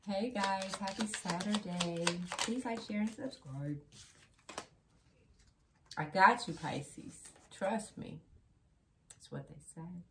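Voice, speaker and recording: A woman's voice: medium pitch, slow, long pauses, noisy background. A woman giving a casual tarot reading, chatty and repetitive, talking straight to her viewers. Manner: chatty, repeats phrases, addresses the viewer directly. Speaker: tarot card reader.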